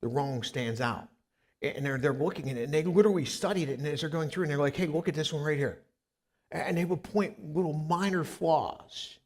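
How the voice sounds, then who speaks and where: A man's voice: on the high side, a little fast, a little mellow. A middle-aged man preaching as a pastor, with a conversational storytelling manner that often repeats words at the start of sentences. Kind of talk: storytelling sermon. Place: church sanctuary.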